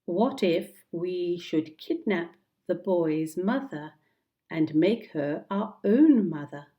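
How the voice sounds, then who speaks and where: A woman's voice: expressive, takes it slowly, warm tone, muffled recording. Storybook pirate underling, shaky and stammering, nervous, done by a woman reader. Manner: stammering, shaky, a little higher. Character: nervous, simple-minded adult male pirate.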